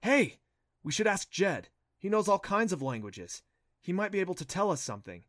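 An earnest, stubborn boy, as a man reads him in a storybook, pressing his point in a defiant way. The voice sits a little high and dry, close to the mic. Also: very animated, moderate pace, fairly bright tone, no room sound. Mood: eager. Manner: insistent, defiant.

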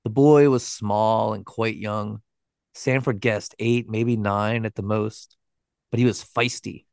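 Creaky-voiced guy narrating true crime, cusses casually, dry close sound. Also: fairly low pitch, dry recording. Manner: casual, swears freely, animated reactions. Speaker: podcast co-host.

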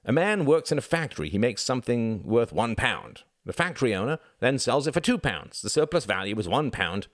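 A man's voice: mid-range voice, very animated, fairly quick, few pauses, no room sound, clean studio sound, voice pushed up, lightly acted. A man voicing a condescending young male student who lectures confidently on Marxism. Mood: lecturing.

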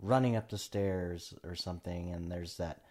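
A man's voice: low-pitched, moderate pace, a little mellow. A man co-hosting a casual podcast chat, laid-back and dry in his replies. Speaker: podcast co-host.

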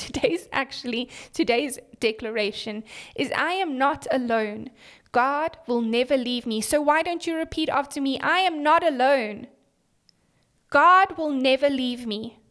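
A young woman giving a children's devotional talk, enthusiastic and encouraging, speaking directly to the kids listening. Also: high voice. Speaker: children's ministry leader.

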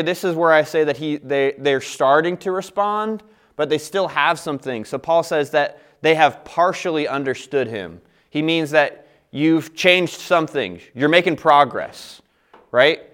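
A man's voice: on the high side, fairly bright tone, clear, resonant tone. A man teaching a Bible passage in a conversational way, reading verses aloud and explaining them with frequent check-ins to his listeners. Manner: conversational, explains scripture with frequent "all right" and restarts.

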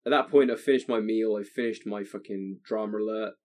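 A young man with a lowish voice tells a story in casual chat, swearing freely and circling back over his own words. He speaks into a desk microphone. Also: steady tone, a little fast, a little mellow. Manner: swears a lot, rambling with restarts. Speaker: podcast co-host telling a story.

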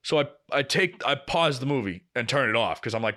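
Young man, podcast co-host, bright forceful voice, casual swearing chat. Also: medium pitch, fast talker, hardly any pauses. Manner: swears often, animated storytelling.

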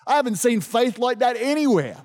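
A man preaching a sermon as pastor, animated and emphatic, calling out to his congregation. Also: very high-pitched, brisk. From Australia. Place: church service. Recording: long reverb of a church hall.

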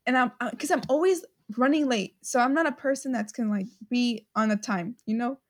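A woman's voice: fairly high pitch, brisk. A young woman chatting casually, rambling and giggling, with lots of fillers. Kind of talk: casual chat.

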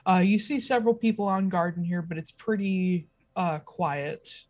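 A woman's voice: fairly low pitch, moderate pace, darkish tone. A woman running a tabletop game, narrating a scene with frequent ums and a loose, laughing manner. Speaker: game master.

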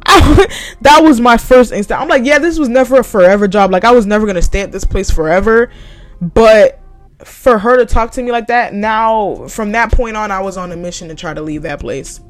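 A woman's voice: mid-range voice, moderate pace, faint music behind. A young woman telling a story about her retail job in a casual, heated rant full of swearing. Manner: profane, heated and animated.

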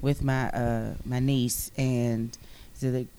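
A woman co-hosting a podcast in casual chat, telling stories lively and acting out quotes. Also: extremely low pitch, slow pace, a little hiss or hum. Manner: lively storyteller, acts out quotes. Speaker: podcast co-host.

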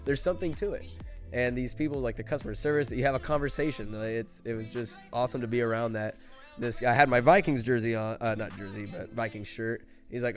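A man's voice: medium pitch, a little fast, faint music behind. A man hosting a podcast, telling a comedic travel story in a profane, emphatic, rambling way. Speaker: podcast host. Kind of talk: casual comedic storytelling monologue.

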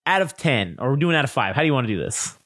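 Man, podcast co-host, mid-pitch, casual profane recap, dry close sound. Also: rapid-fire, no room sound. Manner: profane, animated plot recap acting out lines. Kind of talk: casual film review chat.

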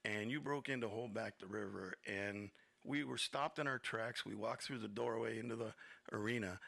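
A man's voice: fairly low pitch, normal speed, creaky, fairly bright tone, no echo. A man hosting an internet radio interview show, talking in a nervous, rambling, chuckling way. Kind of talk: casual interview chat.

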